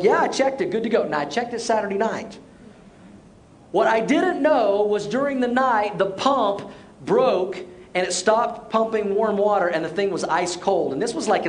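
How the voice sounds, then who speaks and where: A middle-aged male pastor preaching a sermon, telling a personal story and slowing down for emphasis. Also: sits high. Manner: storytelling, acts out quotes, shifts to slow emphatic lines. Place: church auditorium.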